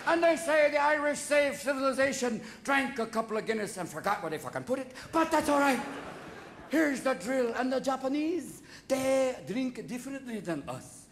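A man performing live stand-up comedy, manic and profane, riffing rapid-fire on a big theater stage. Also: very high voice, lively intonation, slight background noise. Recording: live theater recording with audience laughter.

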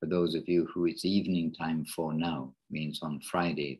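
Man, very low voice, husky, class host, halting, keeps rephrasing. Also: fairly even intonation, a little mellow, rough recording. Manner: halting, rephrases mid-sentence. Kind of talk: informal devotional class talk. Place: online class.

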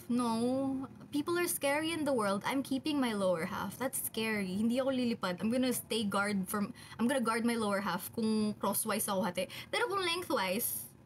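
A young Filipino-accented woman talks into her phone on a casual livestream, reading out comments and answering with easy laughter. Her voice sits a little high, with faint room noise behind her. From Philippines. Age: young adult. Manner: reads viewer comments aloud and answers them chattily, laughs often. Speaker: idol group member on a livestream. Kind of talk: casual livestream chat, mixing English and Filipino.

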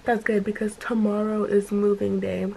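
A young woman vlogs casually to her phone camera from her bedroom at home, her medium-pitched voice level, warm, and fried at a moderate pace. Stuffy from allergies and a runny nose, she rambles chattily with heavy use of "like," on a low-quality recording with slight background noise.

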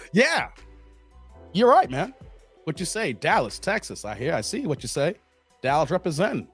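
A man's voice: on the high side, very animated, moderate pace, fairly bright tone, breathy edge, faint music behind. A man from the Chicago area hosting a casual livestream, reading viewer comments and teasing them with lots of laughter. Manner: laughing, teasing banter with chat. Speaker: livestream host.

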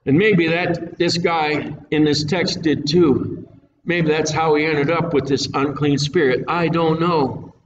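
A man gives a folksy, plain-spoken sermon, leaning hard on his points. His voice sits high for a man. He is recorded from a distance in a roomy hall, and the sound is dull and slightly noisy. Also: fairly even intonation, slow pace. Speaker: preacher. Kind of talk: casual Bible-teaching sermon. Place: church hall with a live audience. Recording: echoey room, mic at a distance, dull sound.

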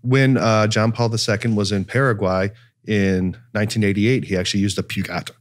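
A man co-hosting a relaxed podcast, telling stories with plenty of fillers and frequent laughter. He mixes in jokes as he talks. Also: fairly low pitch, fairly quick. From Ohio. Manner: jokey, laughs often, lists things with many fillers. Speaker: podcast co-host. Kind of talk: casual chat.

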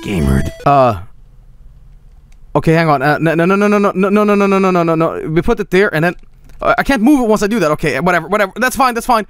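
Frustrated streamer guy cussing at a game, voice all over the place, kinda high, game music faint in back. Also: very animated, fast talker, clear, resonant tone. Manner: exasperated, profane, frequent yelled protests. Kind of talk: gaming stream commentary.

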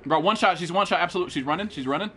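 High-pitched and sharp, this young American man fires off rapid commentary while livestreaming a game, hyping himself up, swearing a lot and trash-talking as he talks with his viewers. A little hiss or hum sits in the recording.

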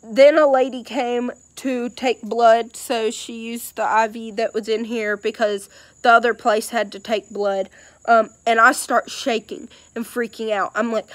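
A woman's voice: a little high, fairly even intonation, a little slow, no echo. A young woman telling a personal story in a casual, rambling way with many fillers and hesitations.

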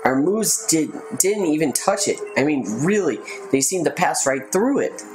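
A man voicing an excitable teenage boy who is the hero's rival in a game, reading his lines a little higher than his own voice. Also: moderate pace, soft background music, close to an everyday voice. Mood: eager. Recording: roomy echo, faint noise.

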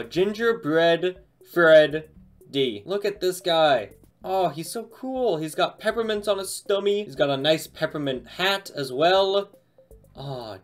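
A man hosting a casual toy unboxing review, talking in an excited, chatty, slangy way. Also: on the high side.

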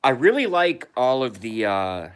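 A man's voice: medium pitch, sing-song, a little slow, clean tone. A man hosting a casual live stream from home, reading viewer comments aloud and answering them.

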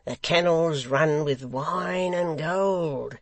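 A man voicing an excited, simple young man calling out eagerly. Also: fairly high pitch, takes it slowly, dry recording.

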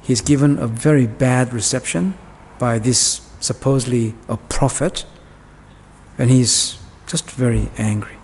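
A man's voice: mid-range voice, unhurried, a little mellow, a little hiss or hum. A male pastor preaching a sermon in a church, explaining Bible verses in a conversational way with asides and fillers. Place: church hall. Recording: long church reverb.

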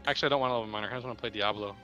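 A man's voice: fairly low pitch, very fast, sharp tone, lo-fi sound, soft background music. A man chatting casually with friends while gaming, teasing them and joking about his character. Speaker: gamer playing with friends. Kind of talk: casual game chat.

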